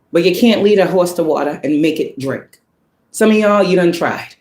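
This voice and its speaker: In an echoey room, a woman with a fairly low, darkish, expressive voice speaks at a moderate pace. She's a spiritual reader giving viewers a tarot reading, preaching bluntly and profanely while firing many rhetorical questions at the listener.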